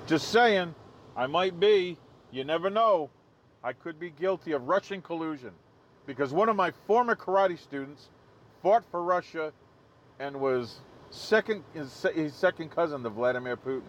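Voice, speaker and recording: A man's voice: a little high, expressive, normal speed, slight background noise. A man hosting a live stream outdoors, joking casually and laughing at his own jokes. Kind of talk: casual livestream commentary.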